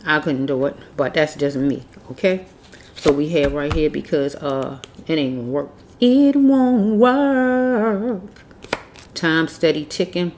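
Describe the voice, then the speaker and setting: A woman's voice: deep voice, steady tone, moderate pace, slight background noise. A woman giving a casual tarot reading, blunt and preachy, repeating herself as she scolds. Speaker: tarot reader.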